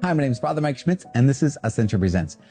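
A man, a priest, talking casually and animatedly to viewers in a video, quick to poke fun at himself. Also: mid-range voice, music in the background. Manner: animated, self-deprecating, talks to the viewer.

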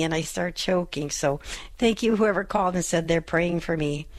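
A woman hosting a Catholic call-in advice radio show, talking fast and laughing often, clearing her throat as she goes. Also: lowish voice, no room sound.

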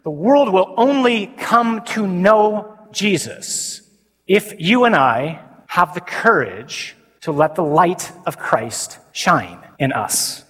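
Animated priest preaching in a hall. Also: male voice, sits high, slightly rough. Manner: animated, shifts from loud emphasis to slow quiet declarations. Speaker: Catholic priest. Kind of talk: sermon to a men's conference. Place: large conference hall. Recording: reverberant conference hall.

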